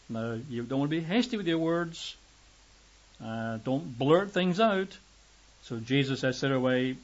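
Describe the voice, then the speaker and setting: Speaking at normal speed with an expressive, lo-fi sound, a man delivers a sermon. He talks through the scripture he reads conversationally, lifting his pitch as he plays the quoted voices.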